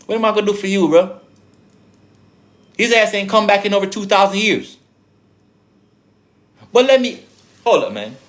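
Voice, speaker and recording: A man's voice: high voice, animated, moderate pace, long pauses, a bit bright. A man with an accent preaching casually to viewers as a spiritual teacher, profane and streetwise, firing off rhetorical questions. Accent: speaks with an accent.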